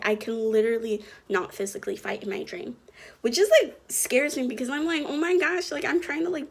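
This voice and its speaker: A young woman vlogger telling a story in a chatty, animated way, full of slang and fillers. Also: on the high side. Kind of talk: casual storytelling to camera.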